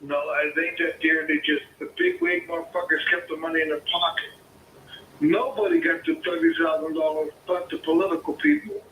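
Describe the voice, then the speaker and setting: A man's voice: a little high, lively intonation, a little fast, a bit bright. Swearing, heated man on an echoey phone line. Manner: swearing, repetitive, argumentative. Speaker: caller, homeowner. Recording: echoey phone call with faint noise.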